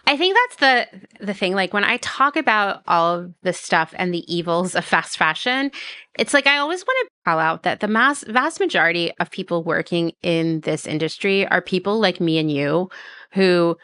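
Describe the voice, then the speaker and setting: Podcast host lady, kinda low voice, dry close sound, chatty and earnest. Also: lively intonation, moderate pace, pushed and bright, clear, resonant tone, no room sound. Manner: candid, earnest, heavy use of "like" fillers. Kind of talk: casual conversational podcast chat.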